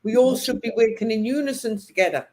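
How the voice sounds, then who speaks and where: A woman's voice: a little high, fast, darkish tone. A woman hosting a casual chat, speaking earnestly and moralizing. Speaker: host.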